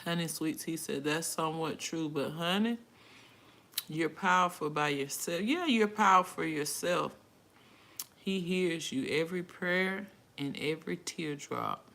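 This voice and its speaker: A woman's voice: low-pitched, measured pace, fairly bright tone. A middle-aged woman hosting a casual live stream from her phone, reading viewers' comments aloud and answering them in an emotional, outspoken way.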